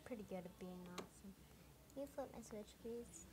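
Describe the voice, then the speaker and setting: A female gamer in casual commentary, muttering to herself slowly as she plays. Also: medium pitch. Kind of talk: gameplay commentary. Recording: game noise behind.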